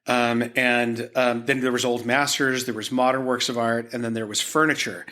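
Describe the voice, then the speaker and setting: A man from Utah speaks as a guest on a podcast, recounting his story conversationally. His voice is bright and forward and sits at an ordinary pitch. He rambles, stacking fillers and false starts as the story unfolds. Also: flat delivery, moderate pace. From Utah, United States. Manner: rambling, with frequent fillers and restarts. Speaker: podcast guest, art gallery owner.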